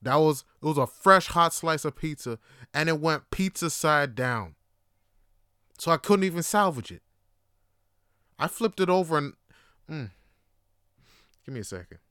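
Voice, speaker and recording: Animated young man telling a story. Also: a little high, a little slow, long pauses, clean tone, dry recording, clean studio sound. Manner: animated, profane, slangy, lots of fillers. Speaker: podcast host. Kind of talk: casual comedic storytelling.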